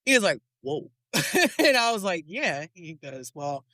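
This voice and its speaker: A woman hosting a casual podcast chat, a lively storyteller who laughs often and swears casually at her desk microphone. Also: on the low side, a little slow, no echo. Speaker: podcast host.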